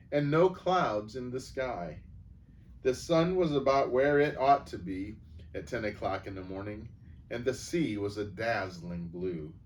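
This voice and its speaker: A man calmly reading a children's novel aloud as storyteller. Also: mid-range voice. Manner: calm, even storybook reading. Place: church setting. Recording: distant mic, faint background noise.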